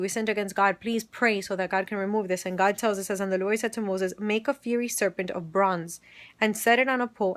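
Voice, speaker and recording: A woman teaching a Bible study, retelling scripture passages and quoting them, with frequent restarts. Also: mid-range voice.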